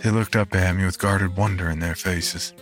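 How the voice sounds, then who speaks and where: Deep-voiced man narrating a story. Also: steady tone, normal speed, fairly bright tone, faint music behind. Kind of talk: first-person horror story narration.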